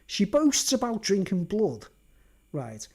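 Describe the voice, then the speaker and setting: Slow and a little mellow yet husky, this man's high voice swings hugely in pitch. A video blogger, he rambles through a casual rant, laughing often and ending lines with "right?" and "mate."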